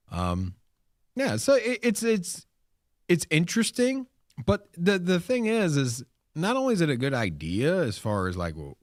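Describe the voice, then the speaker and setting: A man co-hosting a casual crypto talk show, animated and rambling with restarts and fillers. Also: low voice, dry recording, clean studio sound. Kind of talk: casual chat.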